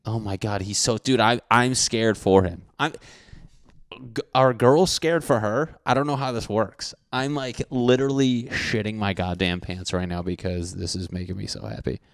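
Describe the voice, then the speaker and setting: A young man reacting to a dating show clip in crude, excitable commentary, often swearing and acting out what people are thinking. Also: lowish voice, normal speed, no room sound, clean studio sound. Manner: excitable, swearing, mock-narrating others' thoughts.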